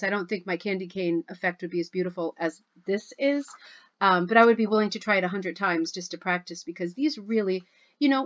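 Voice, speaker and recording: A woman with a medium-pitched voice hosts a rug hooking club video, chatting at home as she reads and reacts to social media posts in a gushing, chatty way. The recording's highs are cut off.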